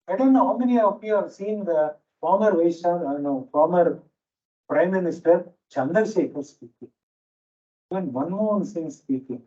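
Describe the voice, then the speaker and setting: A man's voice: sits high, animated, moderate pace, dark tone. Indian man lecturing in a hall. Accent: Indian English. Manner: storytelling, repeats key phrases for emphasis. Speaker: management teacher giving a faculty talk. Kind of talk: lecture to teachers. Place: lecture hall with a noisy fan. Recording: dull, distant hall recording.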